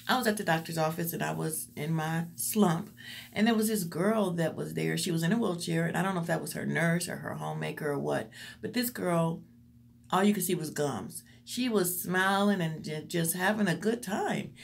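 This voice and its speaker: A woman speaks straight to her viewers in a low, gravelly voice. She delivers earnest, faith-based encouragement, circling back on blessings and gratitude like a small sermon. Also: normal speed. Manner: earnest, encouraging, preacherly repetition. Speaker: motivational vlogger. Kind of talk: faith-based motivational talk to camera.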